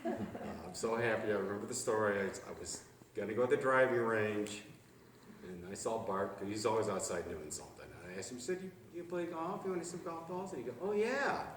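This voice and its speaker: Low-voiced man telling memorial stories. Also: lively intonation, quick pace. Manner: plainspoken, storytelling. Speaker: eulogy speaker. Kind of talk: memorial remarks. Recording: echoey and distant, with noise.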